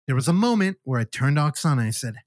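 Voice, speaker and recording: A man's voice: a little high, very animated, racing, darkish tone, no room sound, clean studio sound. A man hosting a podcast, animatedly retelling a movie in casual chat and swearing freely. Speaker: podcast host. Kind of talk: casual film review chat.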